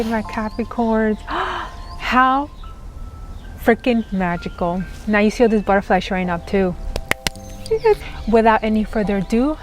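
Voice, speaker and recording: A woman giving an excited, gushing tarot reading, giggling as she talks. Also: a little high. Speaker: tarot reader.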